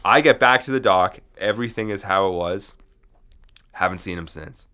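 A man co-hosting a podcast, telling a deadpan comic story in a rambling way, full of restarts. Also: sits low, normal speed, smooth. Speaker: podcast co-host.

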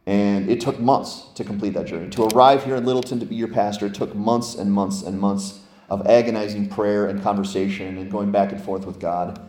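A man, a lead pastor, preaching a lively, conversational sermon full of rhetorical questions. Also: on the low side, a little fast, echoey room. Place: church sanctuary.

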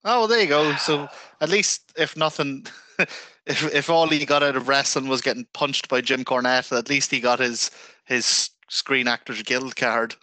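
Man, radio co-host, jokey and animated, bright voice, dry close sound. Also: medium pitch, normal speed, no room sound. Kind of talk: casual chat.

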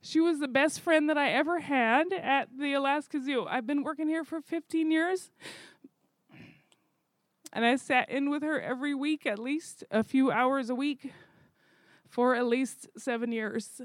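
High-pitched woman telling a zoo story, lots of ums, very chatty, dry close sound. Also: unhurried, no room sound. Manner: animated, chatty, with fillers and laughs. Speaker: zoo volunteer coordinator. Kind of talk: casual storytelling.

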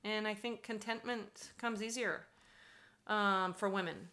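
Bright-voiced middle-aged woman podcast host. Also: mid-range voice, fairly even intonation. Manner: chatty and earnest, with ums and pauses. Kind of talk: casual podcast monologue.

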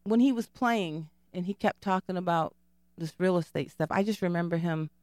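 A woman's voice: fairly low pitch, normal speed, dry recording, clean studio sound. A woman guest on a podcast recalling a story with animation, acting out what she and her husband said. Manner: animated storyteller, acts out quotes. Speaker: podcast guest, the player's wife. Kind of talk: casual storytelling chat. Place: podcast studio.

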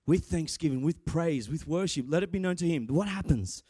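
Young guy preaching, excitable, stumbles and restarts then shouts, highish voice, dry close mic. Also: moderate pace, few pauses, no room sound. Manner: animated, excitable, with many restarts and rising shouts. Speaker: preacher and church guitarist. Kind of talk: sermon. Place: church.

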